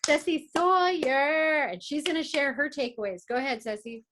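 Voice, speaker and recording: Bubbly high-voiced woman host. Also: normal speed, a bit bright. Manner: bubbly, laughing often. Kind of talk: hosting a group call.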